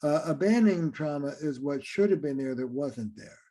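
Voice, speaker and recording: A man with a slightly raised, mellow voice talks through relationship advice in an interview. He is animated and acts out quick exchanges between partners as he explains. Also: on the high side. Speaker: relationship therapist and author.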